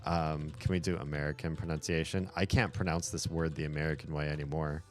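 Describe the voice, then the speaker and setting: A man streaming live and chatting casually with his viewers, animated and talkative, often laughing and cursing. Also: rumbling low, fairly quick, faint music behind. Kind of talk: casual livestream chat.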